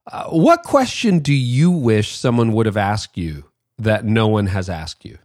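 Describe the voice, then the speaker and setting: A man's voice: lowish voice, sing-song, unhurried, darkish tone, dry recording, clean studio sound. A man hosting a podcast, reading an ad and interviewing a guest in an upbeat, chatty way with casual fillers. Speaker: podcast host.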